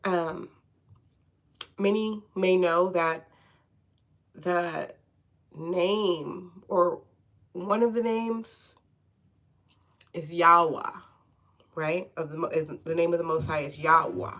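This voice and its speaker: A woman's voice: lowish voice, steady tone, slow, long pauses, fairly bright tone. A woman giving a casual live tarot reading from home, chatty and often checking in with "okay?". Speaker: tarot reader.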